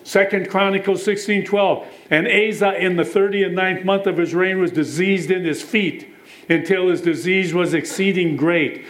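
A man's voice: sits high, fairly even intonation, moderate pace, fairly bright tone, rough recording. A man preaching a sermon, telling stories, reading scripture aloud and putting questions to the listeners. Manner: storytelling, quotes scripture, asks the congregation questions.

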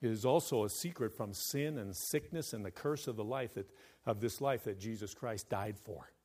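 A man preaching a sermon as pastor, his delivery emphatic, moving between loud declaration and hushed, intimate asides. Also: fairly low pitch, normal speed.

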